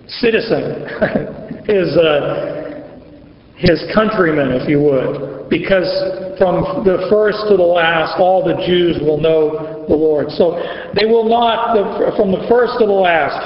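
A man teaching a Bible passage verse by verse in a conversational, emphatic way, reading the scripture and rephrasing it as he goes. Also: sits high. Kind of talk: verse-by-verse sermon. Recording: echoey long-reverb hall, dull lo-fi sound.

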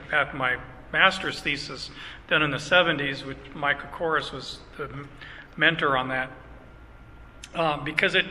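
A man's voice: a little high, pushed and bright, big-room sound, slight background noise, low-quality recording. An older Canadian man, a pastor, teaching a sermon in a conversational way with chuckling asides and frequent restarts.

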